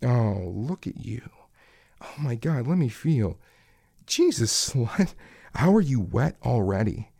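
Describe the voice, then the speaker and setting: A man playing a gravelly, domineering kitchen coworker. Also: mid-range voice, big pitch swings, slow pace, mellow, no echo, clean studio sound, heavily acted. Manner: taunting, sneering, commanding. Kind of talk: adult audio role-play.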